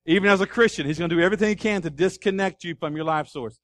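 A man preaching a sermon as pastor, animated, asking the congregation questions and acting out scenes. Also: high voice, racing, dry recording. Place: church.

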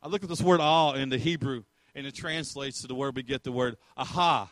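A man's voice: mid-range voice, fast, no echo. A man preaching a sermon, telling stories emphatically and acting out quotes. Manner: emphatic, storytelling, acts out quotes and laughs.

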